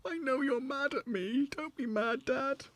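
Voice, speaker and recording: A man voicing his pampered male house cat, which is needy and affectionate, in a soft, pleading falsetto. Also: measured pace, dry recording.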